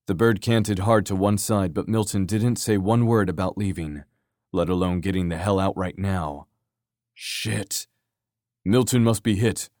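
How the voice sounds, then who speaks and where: A man narrating an action story from a script in a steady, measured way. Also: sits low, no echo, studio quality. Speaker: audiobook narrator.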